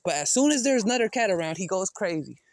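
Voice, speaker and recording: A man's voice: high voice, lively intonation, quick pace, no room sound. A man talking casually in a vlog, slangy and chatty, calling out to a cat in a backyard. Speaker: vlogger. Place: outdoors in a backyard.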